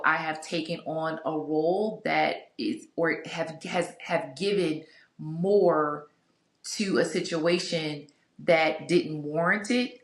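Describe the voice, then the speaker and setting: A woman's voice: deep voice, a bit bright. A woman talking candidly to her viewers about her relationship, chatty and open, with frequent asides and fillers. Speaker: vlogger sharing a couples Bible study. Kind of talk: casual reflective talk to camera. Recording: echoey room.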